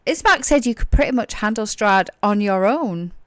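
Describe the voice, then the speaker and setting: A woman's voice: mid-range voice, animated, normal speed, fairly bright tone, no echo, clean studio sound, lightly acted. A woman voicing a pretty young female trader who talks sweetly and coaxingly.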